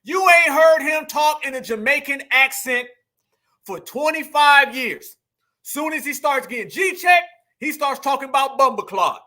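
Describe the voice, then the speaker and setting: High, bright-voiced ranting man. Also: a little slow. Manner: animated, profane, talks straight to the audience. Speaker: livestream host. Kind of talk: ranting commentary.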